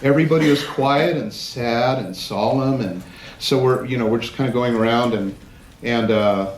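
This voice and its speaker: A man giving a live platform presentation, telling lively anecdotes and acting out other people's lines for an audience. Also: mid-range voice, moderate pace. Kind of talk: storytelling talk to a live audience. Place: large event hall. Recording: roomy hall with faint noise.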